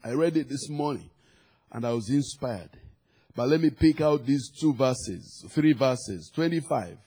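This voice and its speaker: Husky Ugandan man preaching animatedly. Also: mid-range voice, measured pace. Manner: lively, swings from soft asides to loud proclamations. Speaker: pastor. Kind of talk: sermon.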